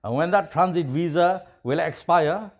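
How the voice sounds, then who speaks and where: A man's voice: fairly high pitch, normal speed, phone-quality sound. Man preaching an evening sermon. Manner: storytelling, rising to emphatic preaching.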